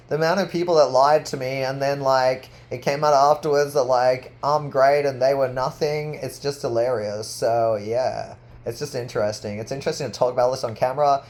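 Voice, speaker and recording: A man in a rambling personal monologue to camera, full of "like" fillers, swinging from loud boasting to low murmuring. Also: steady tone, moderate pace, few pauses. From Australia. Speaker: artist vlogger.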